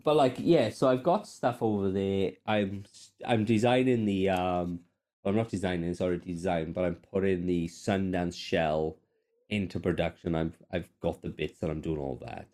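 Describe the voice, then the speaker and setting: A man's voice: low-pitched, moderate pace. A man co-hosting a podcast, telling stories in a casual chat, swearing freely and poking fun at himself. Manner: sweary, animated, self-mocking. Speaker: podcast host. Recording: podcast microphone.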